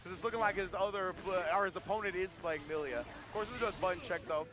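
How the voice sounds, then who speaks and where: A man with a high-sitting voice and quick pace casts a fighting game tournament as esports play-by-play. He is excitable and hype-driven, calling the action and joking with his co-caster.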